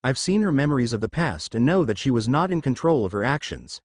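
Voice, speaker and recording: A man's voice: mid-range voice, sing-song, quick pace, no echo, clean studio sound. A man voicing Harry, an earnest, worried teenage wizard, in a storybook reading. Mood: pleading. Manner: earnest, a little desperate.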